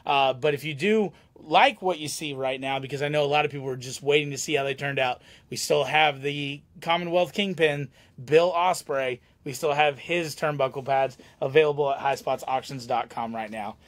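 A man hosts a live autograph signing with a somewhat high voice. He chats casually and jokes and laughs often, keeping the banter moving. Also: moderate pace, hardly any pauses. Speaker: host of autograph signing stream. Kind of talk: casual chat.

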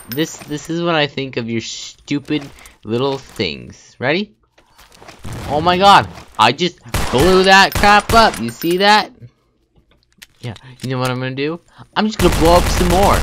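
A young man giving casual gameplay commentary, taunting other players and laughing often. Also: on the high side. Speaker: gaming YouTuber. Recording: faint game noise behind.

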